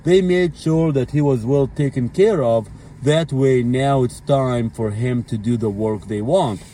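Blunt, mellow-voiced man ranting. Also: medium pitch, unhurried, a little hiss or hum. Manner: blunt, profane, repeats fillers like "okay" and "at the end of the day". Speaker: commentary vlogger. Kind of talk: ranting commentary monologue.

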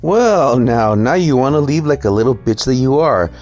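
A man's voice: medium pitch, expressive, normal speed, darkish tone, soft background music. A man hosting a ranting, profane, mocking reaction commentary. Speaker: commentary host.

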